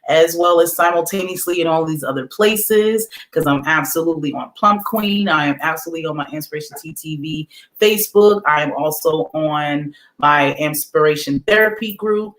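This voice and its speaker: A man's voice: on the high side, normal speed, fairly bright tone. A man hosting a livestream, giving a motivational talk to his audience in casual slang, repeating affirmations with emphasis like a preacher. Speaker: livestream host.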